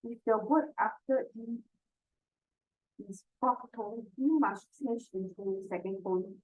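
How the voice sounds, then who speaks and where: A woman's voice: on the high side, slow pace. A woman teacher giving a workshop talk, methodically spelling out and repeating example words as she explains pronunciation rules. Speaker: Chinese teacher. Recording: tinny phone-like sound.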